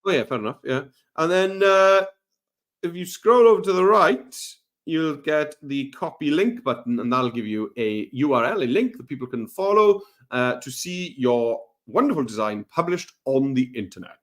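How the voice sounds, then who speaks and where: Man from Wales, fairly high voice, upbeat co-host, casual demo. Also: expressive, normal speed, fairly bright tone. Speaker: co-host teacher.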